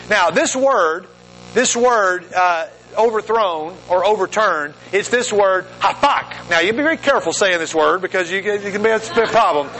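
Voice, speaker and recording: A man preaching a sermon to a youth group in a lively, conversational way, full of restarts and asides. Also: sits high, moderate pace, rough recording. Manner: animated, conversational, many restarts. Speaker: youth speaker.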